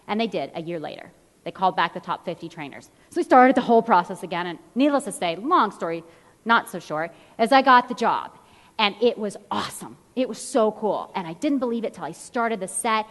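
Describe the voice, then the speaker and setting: A woman's voice: a little high, a little fast. A woman in her thirties, a fitness trainer, giving a motivational stage talk and telling stories while acting out the people in them. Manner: animated storyteller, acts out quotes. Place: large event hall. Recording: long hall reverb.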